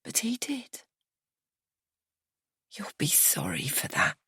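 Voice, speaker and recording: A woman reading an audiobook voices a bitter, grieving young woman who drawls slowly and breaks into higher-pitched whispers. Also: animated, husky, dry recording, full character voice. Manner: slow drawling, whispered and shrill.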